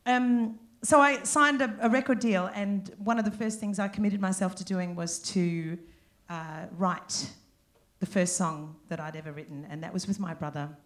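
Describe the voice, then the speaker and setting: A woman's voice: mid-range voice, fairly even intonation, normal speed. An Australian woman giving a candid, chatty, self-deprecating acceptance speech into a handheld microphone on a concert stage. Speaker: award inductee and singer.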